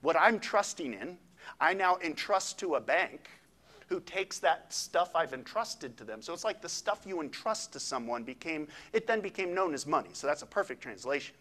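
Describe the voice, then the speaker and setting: A man, a pastor, preaching a sermon in a conversational, animated way with quick asides. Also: fairly high pitch.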